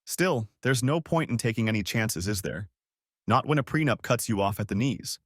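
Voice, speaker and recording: A man's voice: on the low side, lively intonation, normal speed, no echo. A man voicing a cold, scornful wife with a cutting, sarcastic delivery, in a dry close recording.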